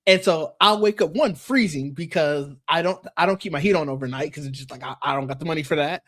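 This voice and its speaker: A man's voice: fairly high pitch, quick pace, fairly bright tone. A man co-hosting a tech podcast, chatting casually and rambling, with frequent restarts and easy laughter. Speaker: podcast co-host.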